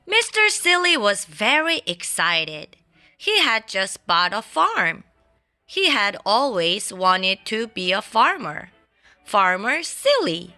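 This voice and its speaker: Bright-voiced woman reading a children's storybook. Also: mid-range voice, slow pace. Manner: playful and expressive, adds sound effects. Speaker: storybook reader. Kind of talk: children's storybook read-aloud. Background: faint classical background music.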